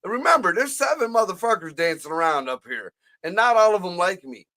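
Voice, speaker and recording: A man co-hosting a podcast, blunt and profane, telling loud stories in casual chat. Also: sits high, big pitch swings, fairly quick. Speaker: podcast co-host.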